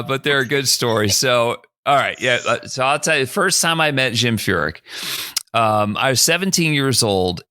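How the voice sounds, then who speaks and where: A bright-voiced man, a former college golfer and broadcaster, guests on a podcast interview and tells stories casually. He's an animated storyteller who acts out quoted lines with big jumps in pitch. The recording is clean studio sound with no echo.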